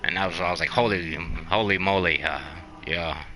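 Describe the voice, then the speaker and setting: At a normal speed, a man with a deep, sharp-toned voice chats while he plays a video game. He's a gaming channel host whose talk wanders, stays upbeat and encouraging, and is packed with fillers.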